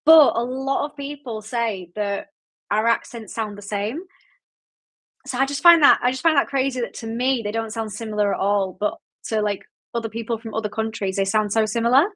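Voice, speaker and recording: A woman's voice: a little high, moderate pace, a bit bright. A woman in her late twenties with a Yorkshire accent, hosting a book club livestream and chatting in a rambling way as she answers viewers. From Yorkshire, England. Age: late 20s. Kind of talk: casual livestream chat reading viewer comments.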